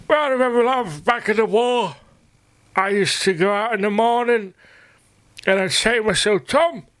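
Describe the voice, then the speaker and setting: Guy doing a bragging old war vet, high voice, keeps calling you love. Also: normal speed, a bit bright, no room sound. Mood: boastful. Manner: boastful, calls listener love. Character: old male war veteran bragging, grandfatherly.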